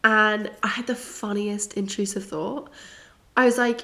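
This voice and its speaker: A woman's voice: medium pitch, fairly even intonation, a little slow, pushed and bright. A young woman from England, hosting a podcast, chatting and telling a story with lots of giggles and fillers. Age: young adult. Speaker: podcast host. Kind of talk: casual storytelling monologue.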